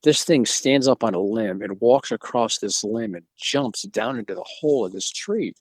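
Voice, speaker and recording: A man's voice: medium pitch, animated, moderate pace, gravelly, a little mellow, no echo. A middle-aged man from Georgia, telling a story on a video call and acting out the voices in it with many restarts. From Georgia, USA. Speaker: interview guest, museum owner. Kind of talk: storytelling in a casual interview.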